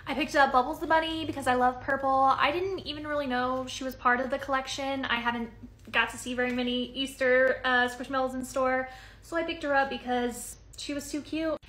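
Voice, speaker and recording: A high, bright-voiced woman chats through her haul, filling gaps with frequent ums. The sound is roomy and echoey. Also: fairly even intonation, brisk. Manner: hesitant, many ums. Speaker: unboxing video creator. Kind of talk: casual haul chat.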